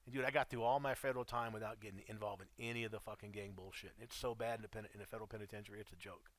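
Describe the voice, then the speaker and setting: A man's voice: fairly low pitch, steady tone, very fast. A middle-aged man telling his life story in a casual, blunt, profane way, calling the listener dude.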